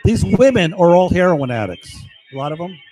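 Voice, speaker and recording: High-voiced man in a profane rant. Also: sing-song, normal speed, warm tone, soft background music, low-quality recording. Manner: profane, agitated; rambling, grievance-filled. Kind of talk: angry personal rant.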